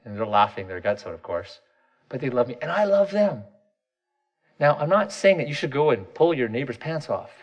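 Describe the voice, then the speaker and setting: A man's voice: mid-range voice, big pitch swings, normal speed. A man in his thirties giving a candid, self-deprecating personal talk, often restarting his sentences.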